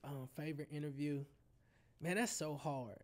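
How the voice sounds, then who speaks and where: St louis guy, high voice, super animated, tells stories and does everybody's voices. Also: moderate pace. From St. Louis, USA. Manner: animated, laughing, acts out voices in anecdotes. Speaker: guest, radio host. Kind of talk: casual storytelling.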